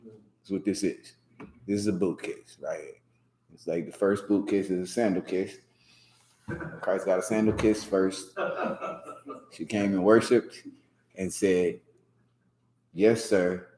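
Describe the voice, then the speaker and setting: A man giving casual, animated commentary as instructor of a scripture class, laughing often and slipping into mock voices. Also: sits low, unhurried, pauses often, roomy sound, slight background noise, rough recording.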